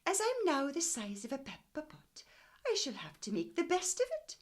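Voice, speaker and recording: A woman voicing a cheerful, unfussed tiny old woman in a storybook, with a Welsh accent and a high, breathy, sing-song manner. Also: wildly swooping pitch, normal speed. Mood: matter-of-fact.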